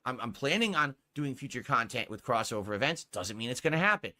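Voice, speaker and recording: A man's voice: medium pitch, big pitch swings, fairly quick, sharp tone. A male streamer talking to his viewers, rambling and hedging, pleading for support.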